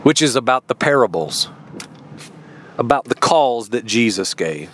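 A man preaching a sermon, telling a story slowly and dramatically and acting out the dialogue. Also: mid-range voice, very animated, a bit bright, slight background noise.

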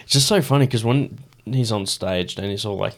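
A man's voice: fairly low pitch, a little fast. A man hosting a podcast, telling stories in casual chat, swearing and laughing often. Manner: swears freely, laughs often, rambling storyteller. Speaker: podcast host.

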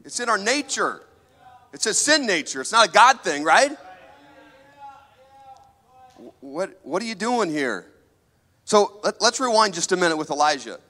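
A man's voice: sits high, big pitch swings, measured pace, long pauses, sharp tone, big-room sound. A man preaching a sermon, emphatic and full of questions put to the audience.

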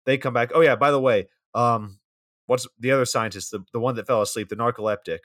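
A man's voice: mid-range voice, fast talker, fairly bright tone, dry recording, clean studio sound. A man co-hosting a casual podcast, recapping a bad movie scene by scene in a rambling, profane, wry way. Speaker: podcast co-host.

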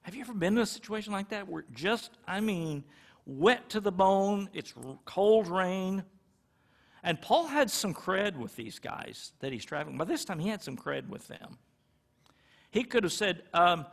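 Middle-aged guy preaching, kinda high voice, chatty, does little voices for the people in his stories. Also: animated, moderate pace, creaky. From California. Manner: conversational, acts out little quoted exchanges. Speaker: pastor. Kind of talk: sermon.

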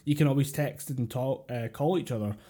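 A man's voice: mid-range voice, brisk, dark tone. A Scottish man co-hosting a podcast in casual chat, rambling with fillers, over a voice call. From Scotland. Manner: rambling, with many fillers and chuckles. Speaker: podcast co-host. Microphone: computer mic over a voice call.

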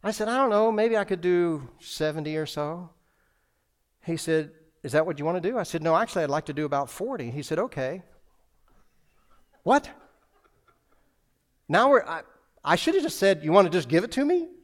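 A man's voice: on the high side, expressive, moderate pace, pauses often. A man preaching a sermon as a pastor, telling a personal story with lots of restarts and acted-out dialogue.

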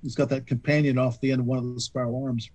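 A man, a guest author, explaining astronomy in a measured, patient way. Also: medium pitch, flat delivery, a little mellow, dry recording, rough recording.

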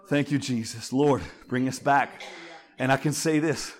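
A man's voice: medium pitch, steady tone, unhurried, a crowd in the background. A pastor preaching a sermon, calling out to the congregation as he builds to fervent peaks. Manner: call-and-response preaching, rising to fervent shouts.

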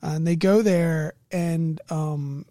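Lively woman recounting a game session. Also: sits low, slow, no echo, studio quality. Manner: animated storyteller, laughs often. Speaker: game master. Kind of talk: casual chat recounting a tabletop game session.

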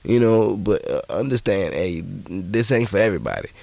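A man's voice: sits low, animated, normal speed, creaky, darkish tone, no echo. A man hosting a podcast, telling stories in a rambling, profane, casual monologue full of restarts. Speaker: podcast host. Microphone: podcast microphone.

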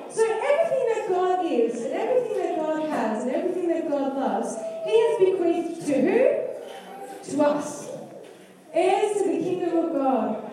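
A woman preaching a sermon, asking the congregation questions and acting out lines of scripture. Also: sits high. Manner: interactive, asks the congregation questions; acts out quoted lines of scripture. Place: church hall. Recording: echoey hall, mic far off.

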